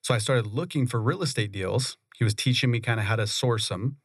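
A man, a real estate investor, telling his story in a relaxed, conversational way in a radio studio. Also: mid-range voice, brisk, breathy edge, dry recording. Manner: relaxed, conversational, laughs often. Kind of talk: interview storytelling.

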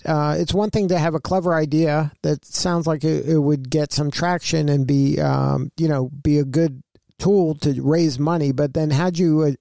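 A man's voice: fairly high pitch, creaky, mellow, no room sound. A man hosting a studio radio show, introducing his guest and asking him questions in an upbeat way. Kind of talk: interview hosting.

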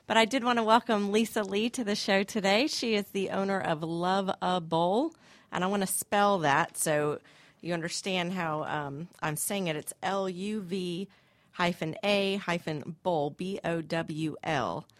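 A woman's voice: fairly low pitch, steady tone, unhurried, no echo. A woman hosting a radio talk segment, friendly and upbeat as she introduces and questions a guest. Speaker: radio show host. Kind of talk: radio interview chat. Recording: dry studio mic.

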